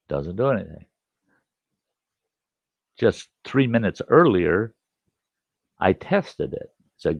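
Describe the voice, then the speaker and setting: An older man spins a camp yarn in a low, gravelly voice, getting animated as he acts out arguments. The recording is dry and a little dull, with no room sound. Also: unhurried, pauses often, no room sound. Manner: animated, acts out yelling at his camera. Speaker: storyteller host. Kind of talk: casual campfire storytelling.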